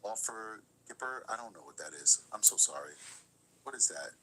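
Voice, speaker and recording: Stream host, male, crisp bright voice, repeats key points, faint hiss behind. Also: on the low side, lively intonation, moderate pace, rough recording. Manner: explanatory, repeats points for emphasis. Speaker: commentary host. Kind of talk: live-stream reaction commentary.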